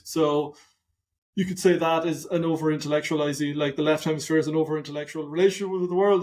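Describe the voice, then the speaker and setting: A man's voice: fairly high pitch, darkish tone. An Irish man, a philosopher on a podcast, talking casually and thinking aloud as he circles and questions his own points. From Limerick, Ireland. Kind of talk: casual conversation.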